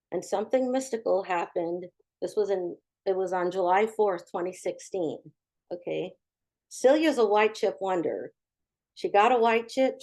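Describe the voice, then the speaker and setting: A middle-aged woman with a lowish, slightly mellow voice gives a candid, humorous recovery testimony. As a recovery speaker, she acts out the voices of the people in her story.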